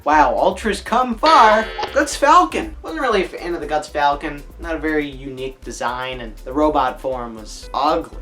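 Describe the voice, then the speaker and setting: A woman giving an opinionated review monologue, animated and exclaiming, often ranting. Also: deep voice, moderate pace, hardly any pauses, soft background music. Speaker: video reviewer.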